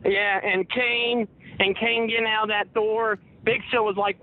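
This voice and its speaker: Slow-talking male caller on a tinny line. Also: high voice, flat delivery. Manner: slow and halting, lots of filler. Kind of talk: casual chat over a call line. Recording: tinny dry phone line.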